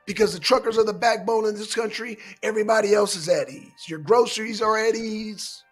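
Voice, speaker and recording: A man's voice: high voice, a little fast, few pauses, husky, soft background music. A man hosting a casual political commentary show, lecturing his listeners emphatically and swearing often.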